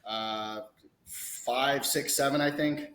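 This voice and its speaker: A man's voice: mid-range voice, slow, fairly bright tone. A man in his forties, a retired Marine guest, giving brief, matter-of-fact answers. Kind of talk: casual conversation. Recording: roomy echo.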